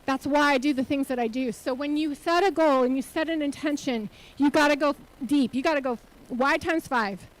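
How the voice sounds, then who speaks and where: A woman's voice: sits high, normal speed, hardly any pauses, rough recording. A woman speaking as a nonprofit CEO giving a motivational conference talk on a stage, earnest and full of rhetorical questions to the audience.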